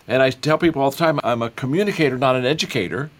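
An older man, a guest author, talks very fast in a mid-range voice during an interview conversation. He tells stories in a folksy, enthusiastic way and repeats himself a lot.

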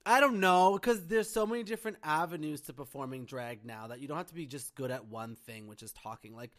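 A man's voice: fairly high pitch, fairly quick, fairly bright tone. A man who is a drag queen co-hosting a casual chat, with sassy, teasing banter.

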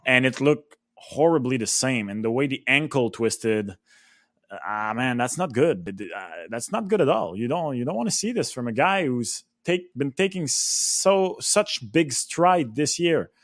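A man's voice: medium pitch, lively intonation, unhurried, no echo, clean studio sound. A young man, a guest on a casual sports talk show, who speaks with animation, states strong opinions and corrects himself often. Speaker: podcast guest.

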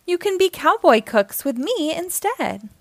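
A woman's voice: very high voice, big pitch swings, unhurried, no room sound, pitched above the performer's own voice, exaggerated voice. A woman voicing a kindly male cowboy cook in a children's storybook. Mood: friendly.

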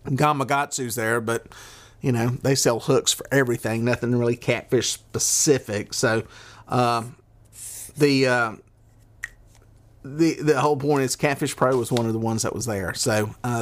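A man's voice: medium pitch, fairly even intonation, moderate pace. Folksy Southern man rambling. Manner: rambling, folksy, with filler words. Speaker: podcast host. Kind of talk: casual monologue. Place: at a desk.

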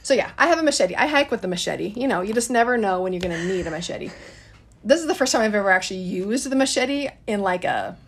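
A woman's voice: medium pitch, expressive, quick pace, slightly rough. A woman in her thirties telling a story in a casual, chatty way, addressing listeners as guys.

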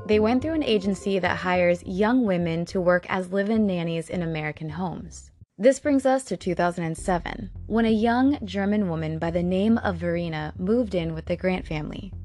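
A woman's voice: lowish voice, moderate pace, hardly any pauses, darkish tone, soft background music. A woman casually narrating a true crime story, blunt and sarcastic, swearing in her asides.

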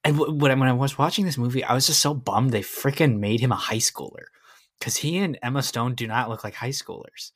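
A man in casual podcast chat grumbles about a film in a loose, laid-back way and swears offhandedly. His voice sits at an ordinary middle pitch. The sound is dry and close. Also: a little fast, no room sound. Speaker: podcast co-host. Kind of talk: casual movie review chat.

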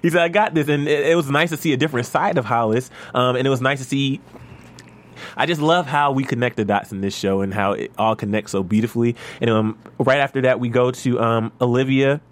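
A man hosting a casual recap chat, talking animatedly with frequent restarts and bursts of excitement. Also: medium pitch, brisk. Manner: animated, gushing, restarts often. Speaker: podcast host.

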